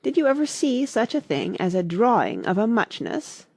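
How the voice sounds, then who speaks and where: Brief: hoarse, sleepy male dormouse, read by a woman, slow and put-upon, creaky edge. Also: on the high side, very animated, darkish tone, no echo, voice pushed up, full character voice. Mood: storytelling. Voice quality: hoarse, feeble.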